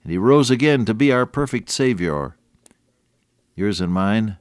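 Man preaching on the radio, lowish voice, chatty stories then earnest punchy points, dead dry sound. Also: expressive, measured pace, smooth, no room sound. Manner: earnest, rises to emphatic peaks; conversational, with chuckles and restarts. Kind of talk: radio sermon with storytelling.

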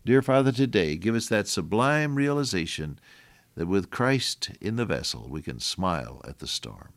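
Older radio preacher, swelling earnest delivery. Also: male voice, on the low side, sing-song, moderate pace, dry recording. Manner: earnest, swells and drops in volume for emphasis. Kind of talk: radio sermon.

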